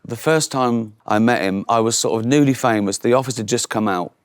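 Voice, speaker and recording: A man's voice: mid-range voice, brisk, clean tone, dry recording, studio quality. A man, telling anecdotes in a casual chat and acting out other people's voices. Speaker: guest comedian.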